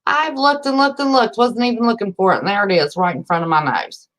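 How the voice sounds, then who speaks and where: A woman's voice: mid-range voice, brisk, fairly bright tone. A woman with an Appalachian accent hosting a casual livestream from home, chatty and folksy, greeting viewers by name and calling them honey. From West Virginia. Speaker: livestream host.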